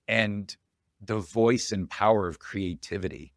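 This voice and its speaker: A man's voice: lowish voice, normal speed, a bit bright, no echo, clean studio sound. A man hosting a podcast interview, earnest and audibly moved by his guest's story. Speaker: podcast host.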